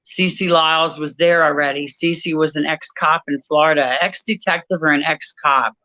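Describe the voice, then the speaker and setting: A woman guest in an interview, telling a personal story in a measured, reflective way with frequent pauses. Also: low-pitched, fairly even intonation, sharp tone, no room sound, rough recording. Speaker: author and guest.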